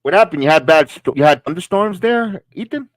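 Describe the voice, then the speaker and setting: A man with a fairly high, animated voice talks at a fairly quick pace, with no room sound audible. He's one of the co-hosts of a live watch-along stream, chatting casually and reacting to the matches with jokes and laughter.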